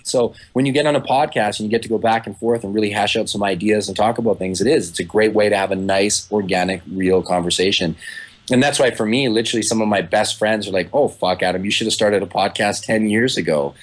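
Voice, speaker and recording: Fast-talking animated man in podcast chat. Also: lowish voice. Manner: animated storyteller, swears freely, acts out quoted voices. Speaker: podcast guest, filmmaker.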